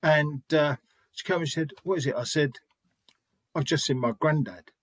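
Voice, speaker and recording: Middle-aged guy, medium, chatting away with stories, slightly high voice, dry close sound. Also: normal speed, no room sound. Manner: chatty, acts out quoted dialogue, frequent restarts. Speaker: spiritualist medium, guest. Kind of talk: anecdotal interview storytelling.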